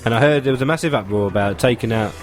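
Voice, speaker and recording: A man's voice: mid-range voice, rapid-fire, soft background music. A man co-hosting a community radio comedy show, bantering casually and laughing often. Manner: jokey, laughs often, puts on silly voices.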